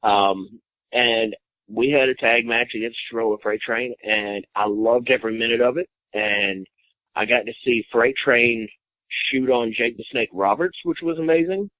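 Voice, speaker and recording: A man's voice: mid-range voice, measured pace, no room sound. A man telling a long story as a guest in a casual interview, rambling with lots of fillers and cursing freely. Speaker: wrestler guest. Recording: dull, dry lo-fi sound.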